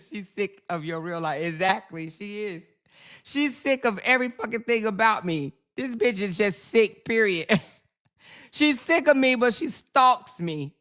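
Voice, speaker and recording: Woman host ranting on camera; blunt, cursing, mocking, with a bright, clean tone. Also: mid-range voice, clean tone. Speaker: vlogger host. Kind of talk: casual ranting commentary.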